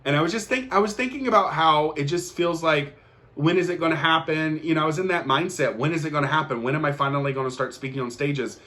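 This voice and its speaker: A man's voice: on the high side, quick pace, pushed and bright. A young man hosting his own show, giving an earnest, emphatic motivational talk and repeating key lines for effect. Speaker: podcast host. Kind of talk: motivational monologue.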